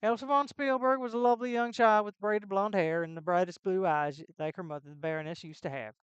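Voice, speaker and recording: A woman's voice: medium pitch, fairly even intonation, a little fast, clear, resonant tone, dry recording, highs cut off, close to an everyday voice. A woman voicing a solemn male castle gatekeeper, reading the game's lines in plain speech. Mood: informative. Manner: plain game-text reading.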